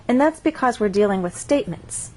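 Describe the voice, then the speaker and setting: Woman teaching English pronunciation clearly. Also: mid-range voice, animated, warm tone, low-quality recording. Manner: clear, deliberate teaching delivery. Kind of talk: scripted lesson narration.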